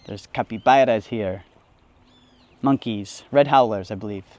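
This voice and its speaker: A man hosting a travel vlog outdoors on a river boat, chatting casually and mock-solemn, mixing in halting Spanish. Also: on the low side, a little mellow. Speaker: travel vlogger.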